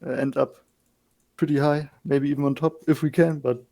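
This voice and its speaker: A man on a competitive team answering interview questions in a relaxed, easygoing way with light laughs. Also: fairly high pitch, normal speed, gravelly. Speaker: team player being interviewed. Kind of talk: casual esports interview.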